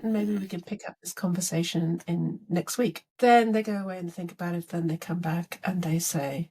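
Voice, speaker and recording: A woman's voice: on the low side, a little fast, few pauses, husky. A middle-aged woman leadership coach in a podcast interview, telling stories and acting out both sides of conversations. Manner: animated storytelling, acts out dialogue.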